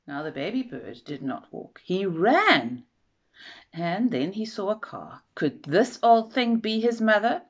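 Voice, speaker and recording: Expressive woman reading a storybook. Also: mid-range voice, a little slow. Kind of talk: children's storybook read-aloud. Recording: dull lo-fi recording.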